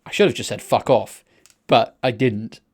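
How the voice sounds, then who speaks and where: Male co-host, mid pitch, rambling sweary storyteller in casual chat. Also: fairly quick. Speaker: podcast co-host.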